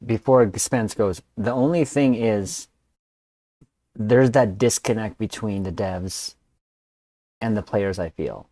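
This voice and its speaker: Low-voiced man joking on a dry mic. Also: a little mellow, dry recording. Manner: jokey, self-interrupting, trails off. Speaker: podcast host. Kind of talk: casual discussion.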